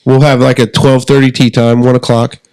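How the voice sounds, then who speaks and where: A middle-aged man with a Southern Indiana accent chats easily on a podcast. He talks in a relaxed, joking way and lays his plans out step by step. His voice is recorded dry and close. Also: medium pitch, a little fast, no room sound, low-quality recording. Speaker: podcast co-host. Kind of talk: casual chat.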